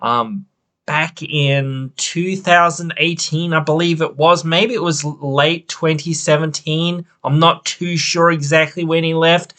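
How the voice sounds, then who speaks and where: A man's voice: fairly high pitch, steady tone, a little slow, sharp tone. A man hosting a wrestling podcast, venting in a rambling, frustrated way. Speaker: podcast host. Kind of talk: casual opinion podcast.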